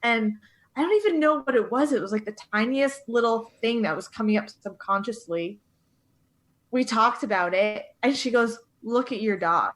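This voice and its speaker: A woman dog trainer tells her stories with animated, heartfelt energy. Her voice sits a bit on the high side. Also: moderate pace. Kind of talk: casual conversational interview.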